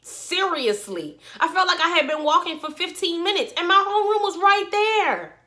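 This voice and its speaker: Bright, animated young woman vlogger. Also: extremely high pitch, moderate pace. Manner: animated, slangy storytelling to viewers. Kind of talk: storytime vlog.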